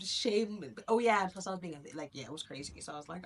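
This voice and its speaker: A woman's voice: fairly low pitch, quick pace, roomy sound. A young woman telling a rambling personal story to her viewers, with many fillers and bursts of laughter. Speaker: vlogger. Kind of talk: casual storytelling to camera.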